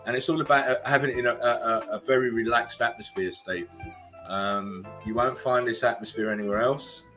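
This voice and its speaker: A man hosting a casual livestream chat, relaxed and rambling as he greets viewers and laughs between remarks. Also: mid-range voice, fairly quick, soft background music. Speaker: livestream host.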